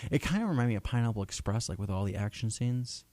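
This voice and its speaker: A young man co-hosting a casual, rambling talk show, playful and quick to laugh. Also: lowish voice, animated, darkish tone, dry recording. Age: young adult. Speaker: co-host. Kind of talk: casual chat.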